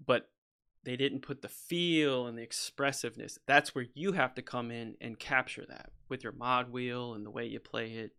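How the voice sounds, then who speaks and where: A man talks through his music session on a livestream, rambling and opinionated, often restarting his sentences. His voice is bright and a little tense, and he sits in a home studio as he works. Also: mid-range voice, fairly even intonation, normal speed, clean tone. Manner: rambling, restarts often, says "freaking" and "you know"; opinionated, goes off on a soapbox. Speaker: composer streaming a session. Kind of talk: casual livestream talk while working.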